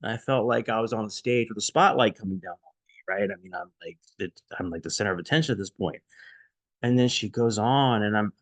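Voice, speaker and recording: Gravelly man telling an emotional story. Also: lowish voice, no room sound. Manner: emotional, increasingly hushed, shaken. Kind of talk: casual personal storytelling.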